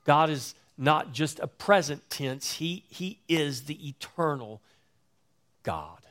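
A man preaching in a measured, deliberate sermon voice that sits a little higher than most men's. He lingers on his words and repeats key phrases for emphasis. His voice climbs, then sinks low and quiet at the close of a thought. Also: expressive. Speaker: pastor.

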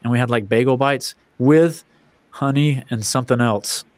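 A man's voice: medium pitch, moderate pace, no echo. A man chatting as a guest on a video call, telling rambling, jokey stories and laughing often. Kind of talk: casual chat.

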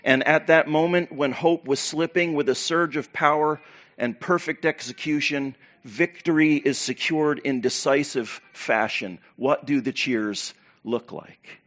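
A pastor preaching to his church, animated and preacherly, with loud bursts and quiet asides. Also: fairly high pitch, measured pace. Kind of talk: sermon.

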